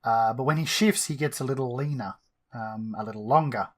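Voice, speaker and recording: A man's voice: medium pitch, brisk. A man playing a tabletop game, casually explaining what his character does. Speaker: player.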